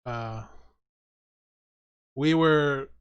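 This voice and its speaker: A man's voice: medium pitch, drawn-out words, clear, resonant tone, dry recording, dull audio. A man voicing a groggy, hungover male adventurer in a tabletop game, groaning and stammering.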